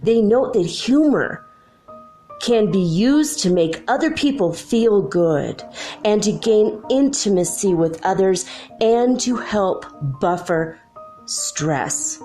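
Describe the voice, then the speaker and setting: A middle-aged woman hosting a spiritual channel, telling stories in a giggly, animated way, saying "like" often. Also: medium pitch, slow pace, faint music behind. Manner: giggly, animated storytelling, frequent "like". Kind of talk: casual monologue.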